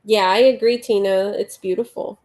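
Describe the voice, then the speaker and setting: At normal speed and a steady, medium pitch, a woman with a slightly mellow voice hosts a late-night livestream. Between chatting and reading viewer comments, she counts her crochet stitches under her breath.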